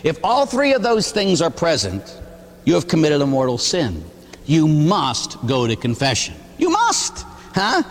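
Animated male priest preaching in a reverberant church. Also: on the high side, moderate pace. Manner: animated, conversational preaching with rhetorical questions and humor. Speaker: Catholic priest. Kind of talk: sermon.

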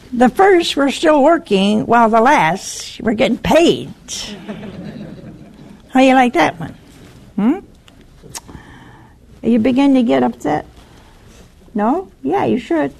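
Slow and teasing, an older woman poses questions to her audience during an informal, anecdote-rich sermon for a video show. Her voice is a little high and a little mellow, with vocal fry.

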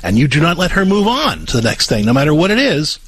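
Lively, husky-voiced male radio co-host. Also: a little high, quick pace, dry recording, poor audio. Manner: lively, coaching, acts out example phrases. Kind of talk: call-in advice talk.

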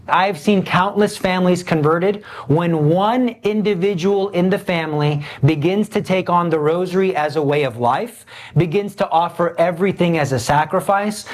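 A man preaching a sermon, earnest and impassioned, slowing down to stress key points and pressing his listeners with pleading questions. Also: high-pitched. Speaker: Catholic preacher.

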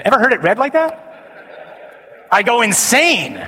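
A man, a Catholic priest preaching a sermon to a men's conference, animated, swinging from loud emphasis to slow, quiet declarations. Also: very high voice. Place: large conference hall. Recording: reverberant conference hall.

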